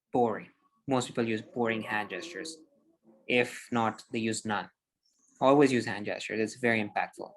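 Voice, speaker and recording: Animated man coaching on public speaking. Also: mid-range voice. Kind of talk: instructive podcast conversation. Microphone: video call.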